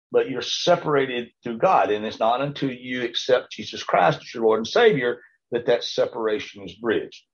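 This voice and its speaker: Male Bible class teacher, husky voice of middling pitch, halting and repetitive delivery with frequent restarts, dull lo-fi recording. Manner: rambling with frequent stammered restarts and check-ins to the class.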